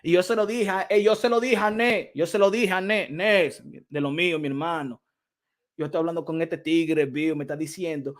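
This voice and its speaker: Talking fast in a voice that sits high, this young livestream host of a boxing channel keeps the chat casual and lively. Frequent laughter, repetition, and switches into Spanish mark his speech.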